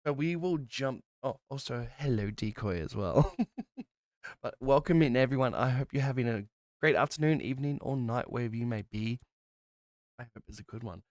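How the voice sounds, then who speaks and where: A man hosting a tabletop game stream, chatty and upbeat, his voice worn and quieter after a festival. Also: mid-range voice, normal speed, dry recording, clean studio sound. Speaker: streamer and host. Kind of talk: casual stream chat.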